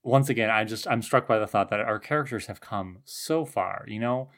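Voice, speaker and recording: Very deep-voiced woman musing thoughtfully. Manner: reflective, hesitant, measured. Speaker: podcast co-host. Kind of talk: casual chat about a TV episode.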